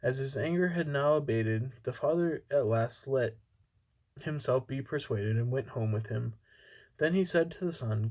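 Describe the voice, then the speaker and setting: A man's voice: medium pitch, normal speed, darkish tone, rough recording. A man reading a fairy tale, stumbling. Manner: unpolished, with stumbles and restarts. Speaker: amateur reader.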